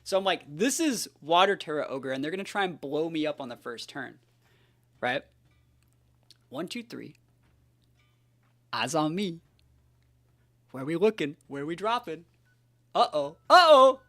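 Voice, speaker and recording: A man's voice: fairly high pitch, lively intonation, a little slow, pauses often. Hyped dude calling his own game matches, lots of slang and trash talk, voice bounces all over. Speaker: competitive game player. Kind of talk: live gameplay commentary.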